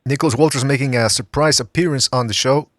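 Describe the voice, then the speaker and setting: A man's voice: medium pitch, quick pace, a bit bright, no room sound, studio quality. A man hosting a casual boxing podcast, taking callers and joking with them. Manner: jokey, taking calls. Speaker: host.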